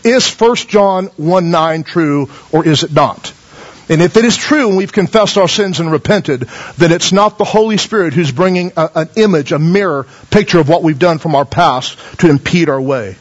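A man's voice: high-pitched, lo-fi sound. A man preaching a sermon as pastor, calling out for amens and telling folksy stories.

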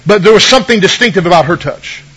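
A man's voice: sits high, lively intonation, fast talker, fairly bright tone, husky, rough recording. A man preaching a conversational sermon as pastor, retelling scripture stories and asking the congregation for amens.

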